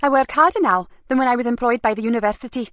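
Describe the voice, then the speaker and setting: A woman's voice: very fast, a bit bright, no room sound, close to an everyday voice. A woman voicing a fussy, protective middle-aged wife who keeps the accounts, speaking in a prim, emphatic, raised voice. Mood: eager, chatty. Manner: prim, emphatic, slightly high.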